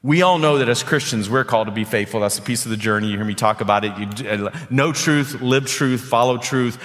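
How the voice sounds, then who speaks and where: Male pastor, mid-range voice, animated sermon, long church reverb. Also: mid-range voice, fairly quick. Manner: animated preaching, repeats words while building points.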